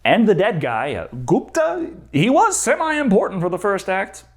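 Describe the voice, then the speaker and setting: A man narrates a jokey movie review, full of sarcasm. His voice is fairly high and extremely lively, jumping up and down in pitch as he mocks the plot. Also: moderate pace, soft background music.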